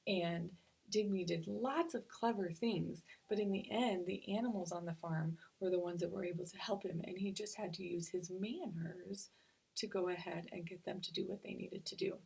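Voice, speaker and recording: A woman teacher giving a recorded reading lesson to young children, slowly sounding out syllables. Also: fairly low pitch, steady tone, creaky, a little mellow, breathy edge. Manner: slow, stretched-out sounding of syllables.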